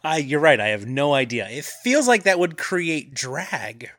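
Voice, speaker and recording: A man co-hosting a movie podcast, summarizing the plot and cracking deadpan jokes. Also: fairly high pitch, unhurried, no room sound, studio quality. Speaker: podcast co-host. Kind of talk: casual movie podcast chat and plot recap.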